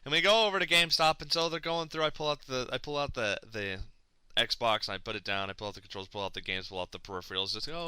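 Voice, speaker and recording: A man casually telling a long comic story, acting out his own and other people's lines with big jumps in pitch, swearing freely and mocking himself. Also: quick pace, clean tone, no echo. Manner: animated, acts out quotes with big pitch swings; profane, self-mocking.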